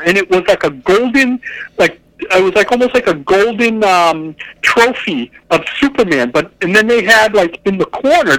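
A man's voice: high voice, bright, forceful tone, no room sound, poor audio. A man chatting casually about comics, enthusiastic and rambling, often correcting himself mid-sentence. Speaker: podcast co-host.

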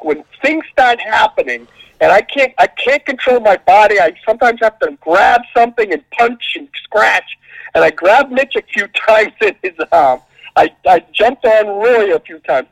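Excitable high-voiced man, gushing. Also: creaky, no echo, dull audio. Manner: excitable, gushing, jumps in pitch. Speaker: podcast co-host. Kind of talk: casual movie chat.

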